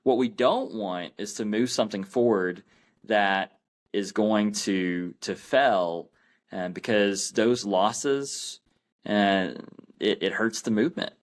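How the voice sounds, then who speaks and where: A man's voice: fairly low pitch, takes it slowly. A man as a podcast guest, explaining earnestly and often restarting his sentences. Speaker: guest, anti-abortion campaign founder. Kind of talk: podcast interview.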